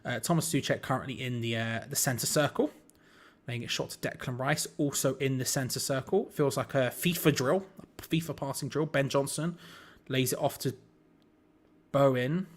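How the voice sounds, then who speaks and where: A man's voice: mid-range voice, moderate pace. A young man hosting a live football watch-along, calling the play casually and chatting to viewers with frustrated asides. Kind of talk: live match commentary and chat.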